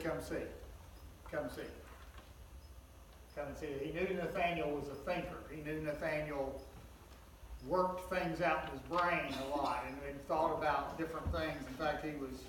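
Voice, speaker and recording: A man's voice: fairly high pitch, a bit bright, slight background noise. A man preaching a sermon, retelling scripture in a folksy, conversational way with joking asides. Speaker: pastor. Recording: echoey hall, mic at a distance.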